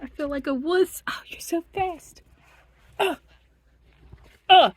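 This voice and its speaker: A woman filming herself at home, talking excitedly to herself in a closet and often dropping to a whisper. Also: extremely high pitch, slow, pauses often. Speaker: vlogger. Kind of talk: casual self-filmed commentary.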